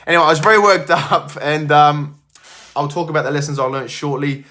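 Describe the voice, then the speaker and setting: Rambling gym owner. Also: male voice, on the high side, steady tone, a little fast, bright, forceful tone. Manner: rambling, many fillers and restarts. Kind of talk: casual storytelling to camera.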